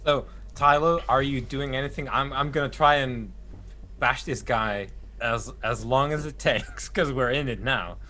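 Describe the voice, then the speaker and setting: A man's voice: mid-range voice, measured pace, bright, forceful tone, slight background noise. A man talking as a player in a tabletop game, eagerly laying out plans. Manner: eager, laughing between plans.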